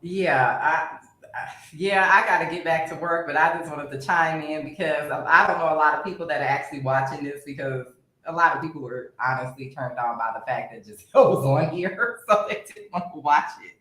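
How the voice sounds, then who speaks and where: A woman with a low voice chimes in on a casual chat about reality TV. She talks conversationally and often stumbles and restarts. Her voice echoes noticeably in the room. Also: brisk, sharp tone. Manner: conversational, chiming in with hesitant restarts.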